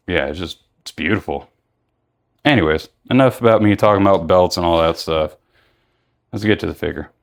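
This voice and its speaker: Rambling man with a lowish voice. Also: normal speed, vocal fry, long pauses. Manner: rambling, filler-heavy, self-correcting. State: tired. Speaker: toy reviewer. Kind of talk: casual unboxing vlog.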